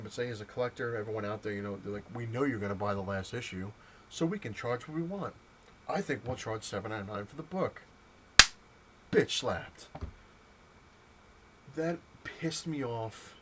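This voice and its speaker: A young man rants into a camera mic from home, his voice on the low side and his talk rambling, packed with restarts and exasperated asides. A faint hiss sits under the recording. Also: fairly bright tone. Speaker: comic collector vlogger. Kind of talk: casual ranting monologue.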